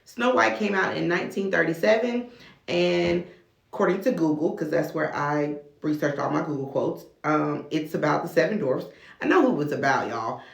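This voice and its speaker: A woman talking casually to camera as a video blogger, chatty and relaxed, with casual slang. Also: sits low, moderate pace, creaky. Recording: echoey room.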